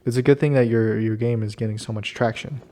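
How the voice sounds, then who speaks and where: A man's voice: mid-range voice, fairly even intonation, fast, dark tone. A man hosting a casual chat with a friend, easygoing and laughing often. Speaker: host.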